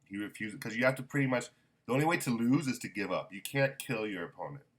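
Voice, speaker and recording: A man's voice: medium pitch, expressive, quick pace, slightly rough. A man casually reviewing a manga volume, rambling with many ums and self-corrections.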